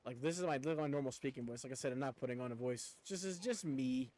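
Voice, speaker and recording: A man's voice: mid-range voice, fast talker, a little mellow, poor audio. A young man with a slight rural Southern twang, chatting casually with viewers while he plays a game, rambling and swearing now and then. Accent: rural American Southern twang. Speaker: streamer.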